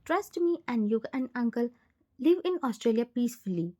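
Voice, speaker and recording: A woman's voice: fairly high pitch, expressive, normal speed, a little mellow. A woman voicing a guilt-ridden young man who speaks in a subdued, apologetic way. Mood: remorseful.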